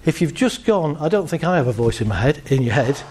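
A man giving a humorous, animated talk to a live audience, shifting his pace and voice for effect. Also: a little high, a little fast, husky. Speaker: speaker.

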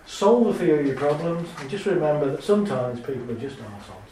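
A man's voice: a little high, fast talker, far from the mic, noisy background. Chatty man in an echoey hall. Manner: lively, chatty, laughs often, acts out little scenes. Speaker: speaker giving a talk. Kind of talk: live talk to an audience. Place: large hall with an audience. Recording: very echoey hall, speaker off mic.

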